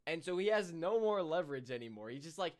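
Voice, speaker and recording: A man's voice: a little high, animated, fast. A man giving casual, dry, sarcastic commentary on a movie, with some hesitation. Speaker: movie reviewer.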